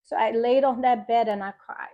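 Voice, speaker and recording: A woman's voice: fairly high pitch, normal speed, highs cut off. A woman from Philadelphia telling her personal birth testimony, emphatic and repeating phrases for effect as she acts out conversations. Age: adult mother. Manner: lively storytelling, acts out conversations. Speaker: faith vlogger.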